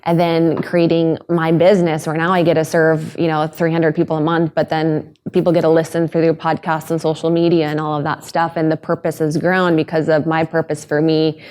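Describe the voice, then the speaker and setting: A woman's voice: low-pitched, completely flat delivery, moderate pace, few pauses, darkish tone. A woman hosting a podcast, talking earnestly and emotionally about her own story, with hesitant restarts. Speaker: podcast host. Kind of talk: candid podcast conversation.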